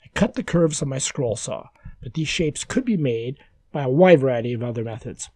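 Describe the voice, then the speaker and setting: A man giving calm, measured, step-by-step woodworking instructions as a scripted voice-over. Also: medium pitch, no echo.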